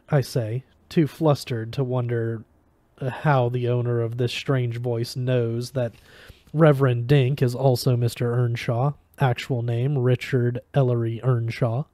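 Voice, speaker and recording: Man reading a novel aloud, mellow dark tone, dry close sound, easygoing with small stumbles. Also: mid-range voice, steady tone, a little slow, no room sound. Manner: casual reading with small slips and restarts. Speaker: audiobook reader.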